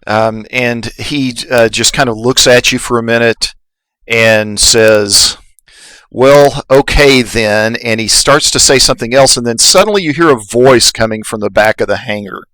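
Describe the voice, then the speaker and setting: A man narrating as game master of a tabletop game, relaxed and halting, with many fillers. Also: mid-range voice, no room sound, low-quality recording.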